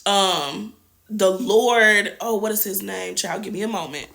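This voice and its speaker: A young woman hosts a TV review show, recapping an episode in loose, slangy chat. Her delivery is animated and full of sassy asides. Her voice has a bright, sharp edge. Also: medium pitch, a little slow, gravelly. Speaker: TV review host.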